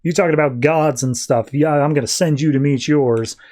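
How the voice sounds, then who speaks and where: A man's voice: on the high side, moderate pace, a little mellow, natural voice. A blunt, warlike warrior woman, played by a man, threatening and matter-of-fact. She talks plainly, with no real change from his own voice. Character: warlike sword-drawn female warrior.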